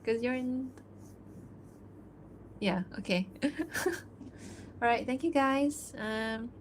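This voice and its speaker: A chatty woman streams her artwork, talking in a fairly high voice and stretching out her words over a faint hiss or hum. She keeps it loose, dropping lots of "like" and little laughs while reading fan-fiction narration aloud in casual livestream chat.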